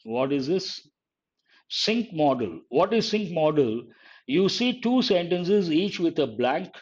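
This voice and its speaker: A man's voice: a little high, sing-song, slow pace, darkish tone. A man teaching grammar in a live exam-prep class, explaining step by step and repeating key phrases. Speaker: English teacher. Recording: dull lo-fi online class audio.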